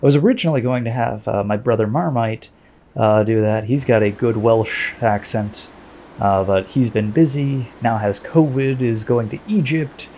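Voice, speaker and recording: A man's voice: medium pitch, normal speed, warm tone, slight background noise. A man commentating his own sim race in a chatty, self-deprecating way.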